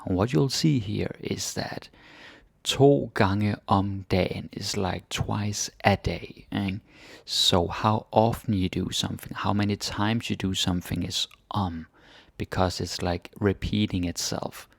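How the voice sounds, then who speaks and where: Man, low gravelly voice, dry close sound, casual chatty teaching. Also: unhurried, no room sound. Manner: relaxed, chatty, thinks aloud with fillers. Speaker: Danish language teacher. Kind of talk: casual grammar lesson.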